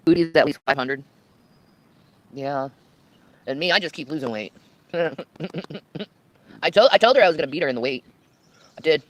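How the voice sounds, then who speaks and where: A woman's voice: low voice, lively intonation, moderate pace, long pauses. A woman on a livestream from a tent, talking in a casual, boastful and mocking way.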